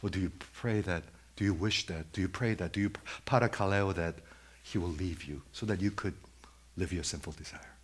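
A man's voice: low voice, a little fast, breathy edge. A man preaching a sermon who questions his listeners directly and repeats his points for emphasis.

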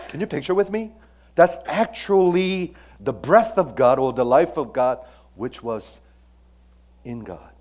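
Pastor preaching with dramatic loud-soft swings. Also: male voice, mid-range voice. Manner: animated, swings between loud emphasis and quiet asides; asks the audience questions, frequent "okay?". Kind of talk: sermon.

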